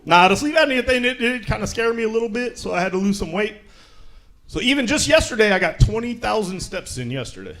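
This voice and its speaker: A young male stand-up comic from Tacoma with a high voice that bounces all over the place. He talks in a laid-back, self-mocking way and chuckles through his punchlines as he works a live comedy crowd. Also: big pitch swings, a little fast, a bit bright. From Tacoma, Washington. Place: comedy show with live audience.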